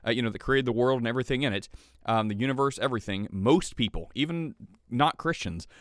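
A man's voice: mid-range voice, dry recording. Male podcast host, casual rambling delivery, mid-range voice, dry close sound. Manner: chatty, rambling, gets worked up.

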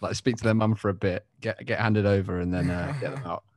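A man's voice: sits low, fairly even intonation, fast, no echo, clean studio sound. A man from the south of England, chatting casually on a podcast and telling anecdotes. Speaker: podcast co-host. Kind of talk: casual chat.

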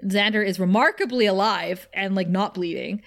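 A woman's voice: medium pitch, moderate pace, vocal fry. Woman co-host, casual recap, lots of "like" and "um", mid-range voice. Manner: chatty, filler-heavy storytelling. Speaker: podcast co-host.

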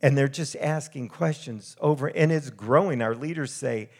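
Middle-aged man, missionary speaker, sermon with slides, conversational, animated storytelling, mid-pitched voice. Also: moderate pace.

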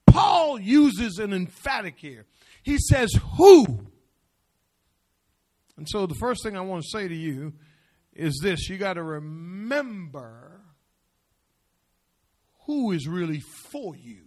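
A middle-aged male pastor preaching a sermon, repeating phrases and swinging from hushed asides to shouted declarations. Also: high-pitched, big pitch swings, takes it slowly.

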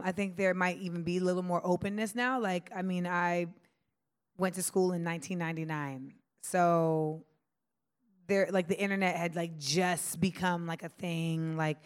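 A woman's voice: fairly low pitch, normal speed, clean tone. A woman in her forties in casual podcast chat, talking loosely with frequent "like" and "um" fillers.

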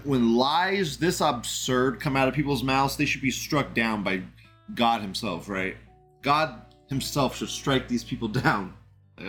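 A man's voice: fairly high pitch, sharp tone. A man hosting a live stream, reading chat comments aloud and commenting in a rambling, indignant way, swearing and laughing often.

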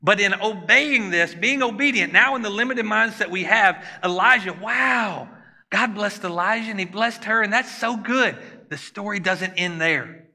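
Man, pastor, sermon, very bright and forceful tone, slightly high voice, chatty questions to the crowd, long church reverb. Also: moderate pace. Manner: conversational preaching, asks the congregation questions.

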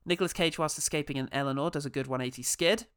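A man's voice: on the high side, fast talker, fairly bright tone, clean tone. A man co-hosting a podcast, casually reviewing a film, listing his favourite moments and chuckling often. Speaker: podcast co-host.

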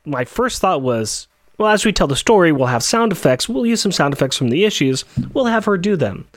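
A man in his thirties co-hosting a podcast, explaining things at length in casual chat with quick restarts. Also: a little high, sing-song, dry recording, clean studio sound. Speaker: podcast co-host.

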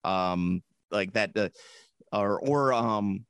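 A man co-hosting a podcast in casual chat, rambling and animated, often breaking into silly put-on voices. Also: lowish voice, drawn-out words, clear, resonant tone, dry recording. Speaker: podcast co-host.

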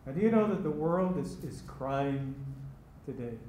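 A man preaching a sermon as pastor, slow and emphatic, repeating key phrases. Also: a little high, expressive, mellow, slight background noise. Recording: echoey room with faint ambience.

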